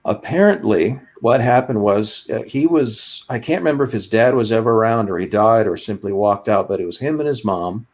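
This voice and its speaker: Man, husky low voice, animated storyteller, casual chat. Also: normal speed, few pauses.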